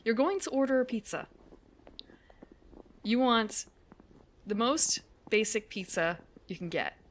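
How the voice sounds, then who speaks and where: A woman's voice: a little high, animated, a little slow. Chatty woman rambling on a walk. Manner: rambling, chatty, self-correcting, laughs often. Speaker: streamer. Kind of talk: casual chat while walking. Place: outdoors on a winter walk.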